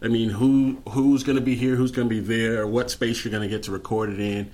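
A man's voice: mid-range voice, flat delivery, a little fast, a crowd in the background. A male musician guest talking casually about his record, laid-back and trailing off with fillers. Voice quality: smooth singing voice. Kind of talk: casual chat after a live song.

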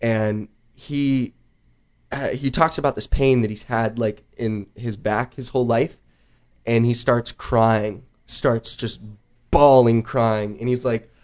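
A man hosting a show, telling a story in casual chat, rambling with lots of "like" and an animated manner. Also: medium pitch, slow pace. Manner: rambling, heavy use of "like", animated retelling. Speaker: podcast host. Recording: slightly dull lo-fi audio.

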